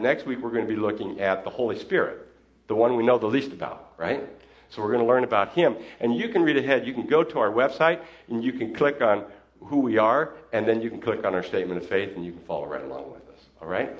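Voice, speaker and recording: A man, a pastor, teaching a congregation in a conversational sermon, often putting questions to his listeners. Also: medium pitch. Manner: conversational, asks the audience questions.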